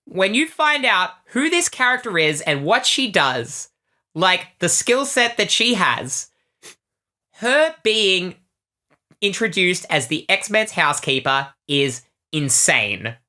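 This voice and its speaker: A woman co-hosting a comic podcast, her voice sitting low yet bright and forward. She talks in animated, joking bursts with quick asides. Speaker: podcast co-host. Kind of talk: casual comic chat.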